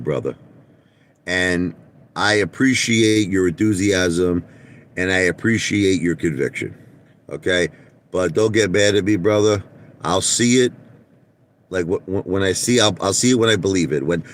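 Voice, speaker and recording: A man's voice: low-pitched, slight background noise. A man ranting casually to his viewers, swearing often and laughing at his own jokes. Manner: profane, laughing, acts out quotes in a raised voice. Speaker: vlogger. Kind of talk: casual rant to camera.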